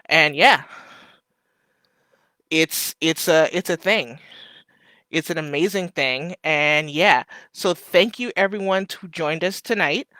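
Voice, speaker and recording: Bright, crisp man chatting on a livestream. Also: a little high, dry recording. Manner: warm, chatty, emotional, fighting back tears; loose and rambling with many fillers. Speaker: livestream host. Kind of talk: casual live chat, reading viewer comments.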